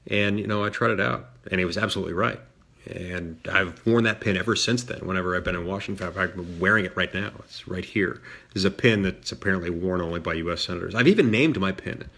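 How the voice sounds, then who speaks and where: A man's voice: low-pitched, fast talker, gravelly, pushed and bright. A man serving as a senator, telling a story in a dry, self-deprecating way with frequent fillers and restarts. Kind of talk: storytelling talk.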